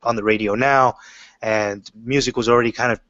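In a casual interview, a male comic book writer rambles through stories about his work, leaning on fillers and restarting often. He speaks at medium pitch, a little fast, on a dry, lo-fi recording.

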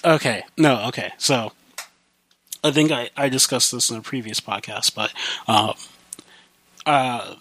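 Pausing often and keeping a measured pace, a man from the US Midwest with a slight country accent rambles through his own podcast, full of swearing and fillers. His mid-range voice has a fairly bright tone, recorded without echo.

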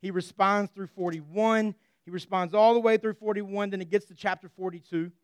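A man delivers a sermon in an earnest, conversational way with touches of humor. His voice is high and smooth, and it sounds dry and close. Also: steady tone, moderate pace, no room sound. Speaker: preacher.

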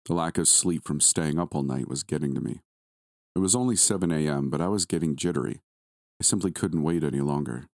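A man narrating a first-person horror story in a steady, measured reading voice. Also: very deep voice, no room sound, clean studio sound.

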